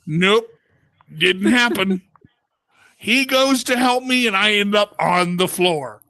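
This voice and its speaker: A male stand-up comic on a club stage with a high, bright voice. He tells a story with lots of energy and jumps into the voices of the people in it. The sound is dry, with little room echo. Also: takes it slowly. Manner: animated storyteller who acts out other people's voices. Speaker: stand-up comedian. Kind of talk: stand-up comedy routine.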